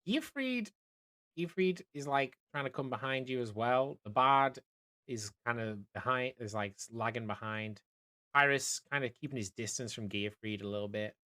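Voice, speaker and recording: A young man narrating as dungeon master of a tabletop game, halting and full of fillers. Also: medium pitch, expressive, sharp tone. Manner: hesitant, many fillers and restarts.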